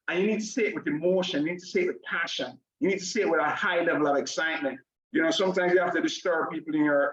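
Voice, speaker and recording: A man hosting an online motivational class over a video call, energetic, tacking "right?" onto nearly every phrase and calling on the audience in the chat. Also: on the high side. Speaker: online class host and coach. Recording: dull, echoey video call audio.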